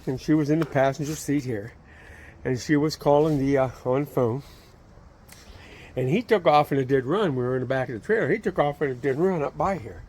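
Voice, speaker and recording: A man with a fairly high voice tells a story outdoors in a loose, casual way. He rambles and fills his sentences with "uh" and restarts. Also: darkish tone, slight background noise. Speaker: channel host telling a story. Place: outdoors beside his trailer.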